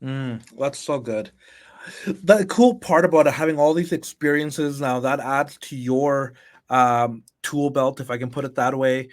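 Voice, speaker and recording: A man's voice: mid-range voice, a little slow. A man hosting a podcast interview, affirming his guest enthusiastically and asking long, rambling questions. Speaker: podcast host.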